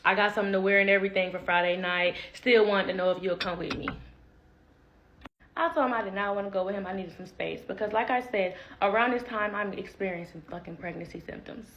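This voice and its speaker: A young woman telling a personal story in casual vlog style, animated and acting out what people said. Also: mid-range voice, fast, muffled recording, a little hiss or hum. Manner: animated, acts out quotes, laughs. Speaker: vlogger.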